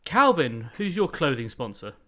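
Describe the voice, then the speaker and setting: A man's voice: medium pitch, big pitch swings, moderate pace, pushed and bright. A man hosting a casual podcast, chatty and self-deprecating, laughing easily. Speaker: podcast host.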